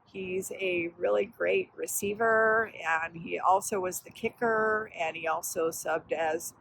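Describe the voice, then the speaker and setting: A woman's voice: lowish voice, fairly even intonation, slow pace, gravelly, a little hiss or hum, low-quality recording. An older woman hosting a casual vlog outdoors in a park. She tells family stories in a reflective, encouraging way. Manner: warm, reflective, encouraging talk about family. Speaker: host. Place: outdoors in a park, walking and resting. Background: music.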